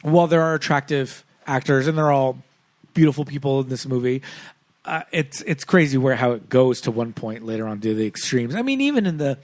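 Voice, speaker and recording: A man co-hosting a casual podcast chat, animated and laughing often, with lots of fillers. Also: mid-range voice, a little fast, no room sound. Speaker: podcast co-host.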